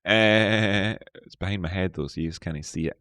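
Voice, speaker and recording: A man's voice: low voice, moderate pace, a bit bright, no room sound. A man hosting a live market analysis stream, playful, chatting with viewers and talking to himself. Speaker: trading stream host.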